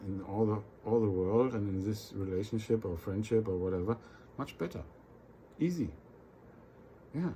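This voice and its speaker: A man's voice: fairly low pitch, warm tone, a little hiss or hum. A man vlogging in a casual rambling monologue, often repeating words and restarting, acting out little quoted exchanges.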